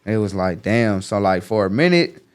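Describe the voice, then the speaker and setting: A young man telling a story in casual street slang, acting out voices with sudden high jumps. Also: clear, resonant tone. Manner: animated, acts out quotes with sharp pitch jumps; heavy slang, fast casual street talk. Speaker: guest.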